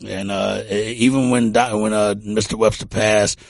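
A man's voice: on the low side, little pitch movement, moderate pace, vocal fry, no echo. A middle-aged man from Texas, a music producer telling stories in a casual interview and often repeating words as he talks. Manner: rambling, repeats words, warm anecdotal.

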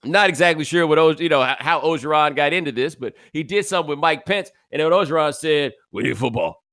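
A man hosts a sports podcast and tells stories in a chatty, lively way. His voice is smooth and resonant, recorded close and dry with no room sound. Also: fairly high pitch, fast, no room sound. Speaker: podcast host. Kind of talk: casual sports chat.

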